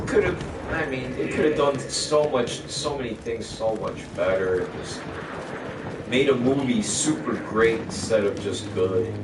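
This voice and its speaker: A man talks through a gaming livestream, rambling and cursing as he airs strong opinions. His voice sits at a middling pitch and sounds set back from the mic, with a roomy echo and steady noise underneath. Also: recorded from a distance. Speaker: game streamer. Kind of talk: casual gaming livestream chat.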